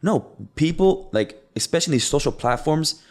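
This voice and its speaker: A man's voice: a little high, animated, moderate pace, darkish tone. A man co-hosting a casual talk show, speaking emphatically and reading out news headlines. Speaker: podcast co-host. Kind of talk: casual chat.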